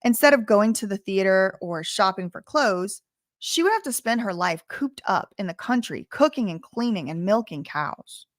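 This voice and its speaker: A woman's voice: mid-range voice, expressive, moderate pace, dry recording. Woman commentator, reads passages aloud then drifts into chatty asides; dry, close recording. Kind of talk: reading a memoir aloud with casual commentary.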